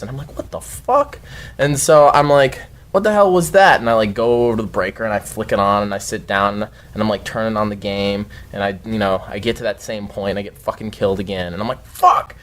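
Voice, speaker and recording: A man telling a long story as a podcast guest, rambling and swearing freely and shouting the outbursts he quotes. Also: lowish voice, fairly even intonation, a little fast, few pauses. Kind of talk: casual storytelling chat.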